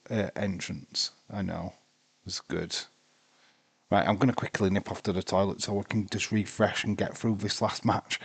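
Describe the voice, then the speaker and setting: A man's voice: on the low side, breathy edge, no room sound. A sleepy, tired man commentating a live wrestling watch-along, rambling and talking to himself. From United Kingdom.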